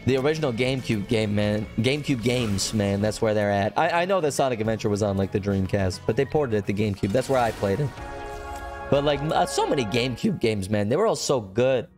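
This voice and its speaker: A young man streaming a game, chatting casually and rambling with excitement, swearing and breaking into high whoops. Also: a little fast, over music. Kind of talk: casual gameplay commentary.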